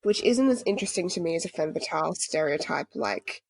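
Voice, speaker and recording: A woman's voice: on the low side, animated, brisk, gravelly, darkish tone, dry recording. A woman co-hosting a podcast, chatting casually and freely with lots of "like" and the odd swear word. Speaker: podcast co-host.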